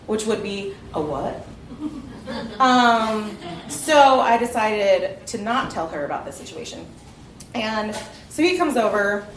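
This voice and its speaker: A woman with a Southern US accent telling a comic personal story on stage at a live event, often laughing through her lines. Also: fairly high pitch. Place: live venue with audience. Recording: echoey live room, faint noise.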